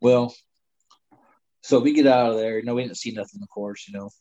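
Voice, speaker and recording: A man's voice: medium pitch, fairly even intonation, brisk, dark tone. A middle-aged man telling a long personal story in casual conversation, rambling with many fillers. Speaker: guest storyteller. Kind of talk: casual spoken hunting story. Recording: slightly dull lo-fi sound.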